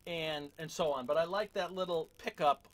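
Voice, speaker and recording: A man giving a casual drum lesson, relaxed and self-deprecating, with lots of fillers. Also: a little high, normal speed, very noisy. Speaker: drum teacher. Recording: loud drums between talk.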